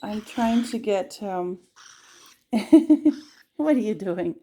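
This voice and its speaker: A woman's voice: medium pitch, slow, mellow, slight background noise. A woman at home chatting with her pet birds in coaxing baby talk. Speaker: pet bird owner, channel host. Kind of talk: casual chat with pet birds. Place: at home, indoors.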